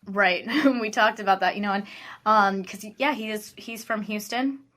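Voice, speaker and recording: A woman co-hosting a podcast in relaxed, enthusiastic conversation. Her pitch sits in an ordinary middle range, and she keeps slipping "like" into the middle of her sentences. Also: moderate pace. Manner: says "like" often mid-sentence; chatty, enthusiastic. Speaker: podcast co-host. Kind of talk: casual chat.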